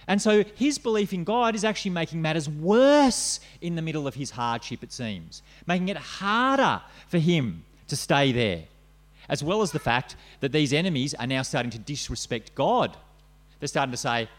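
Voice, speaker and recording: A man's voice: on the high side, very animated, moderate pace. A man preaching a sermon, earnest and repetitive, reading scripture aloud to his congregation. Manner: earnest, repeats phrases, reads scripture aloud.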